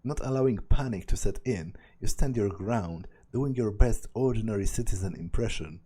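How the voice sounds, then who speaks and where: A man's voice: fairly low pitch, normal speed, warm tone, breathy edge. A young man reading a visual novel aloud and commenting as he goes, thinking aloud with hesitant restarts. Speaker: let's play narrator.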